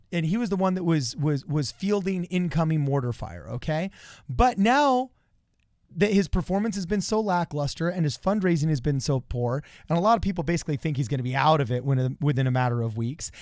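Insistent high-voiced young man. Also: darkish tone, no echo, clean studio sound. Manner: insistent, keeps pressing his analogy. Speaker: political talk show co-host. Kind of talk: casual political debate chat.

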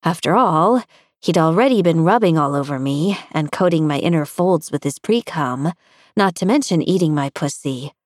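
A woman narrating a first-person audiobook in an intimate, even-paced storytelling manner, recorded close on a studio mic. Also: low voice, normal speed, dry recording.

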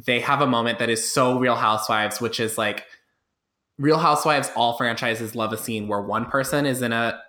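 A man chatting casually on a podcast about a film, wry and drawn-out, trailing off into low asides. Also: pushed and bright. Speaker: podcast co-host. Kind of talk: casual film-discussion chat. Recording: roomy echo.

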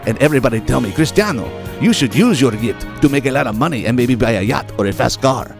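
A man's voice: medium pitch, lively intonation, quick pace, gravelly, over music. A man putting on a vain, boastful foreign matchmaker who talks about himself in the third person.

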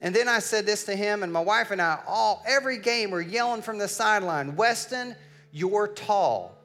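A middle-aged man preaching a sermon. He tells a family story and builds up to loud, emphatic declarations. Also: high voice, brisk. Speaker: pastor.

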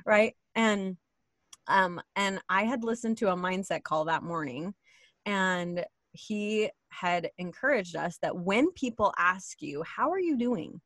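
A woman's voice: medium pitch, slow, no room sound. A woman and mother co-hosting a casual chat, telling stories and acting out the quotes in them. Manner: animated storyteller, acts out quotes. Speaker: podcast co-host, mother of three.

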